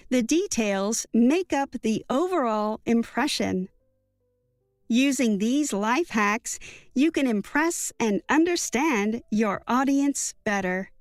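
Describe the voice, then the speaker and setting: A woman reading a book summary as scripted narration, in an even, measured way. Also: on the high side, no echo. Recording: dry studio voice-over with soft music.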